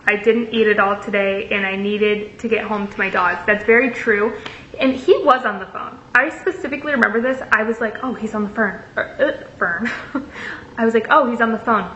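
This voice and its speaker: A woman's voice: mid-range voice, sharp tone. A young woman in a casual storytelling vlog, reading out messages with sarcastic asides. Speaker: vlogger. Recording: echoey room, dull lo-fi sound, faint hiss.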